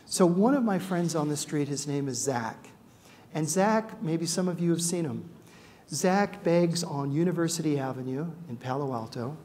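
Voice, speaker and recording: A man's voice: fairly high pitch, normal speed. Man telling stories in a speech. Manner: animated anecdotes with acted-out quotes and frequent "uh" fillers. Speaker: award ceremony founder giving a speech. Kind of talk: storytelling speech to an audience.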